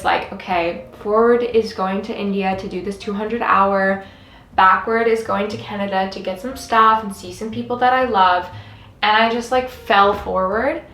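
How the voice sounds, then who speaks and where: A woman's voice: mid-range voice, a bit bright, slight background noise. A young woman vlogging in a casual, confessional chat, earnest and rambling with many fillers. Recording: roomy with faint music behind.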